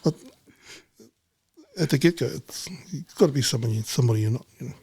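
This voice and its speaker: A man's voice: medium pitch, fairly quick, mellow, husky. A middle-aged man talking bluntly in casual chat, swearing freely and rambling. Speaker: podcast guest, businessman.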